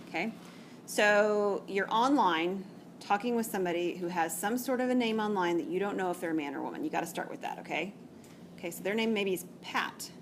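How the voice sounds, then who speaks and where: A woman's voice: fairly low pitch, noisy background. Woman teacher lecturing a class. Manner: chatty, explains step by step with frequent "okay?" checks. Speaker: math teacher.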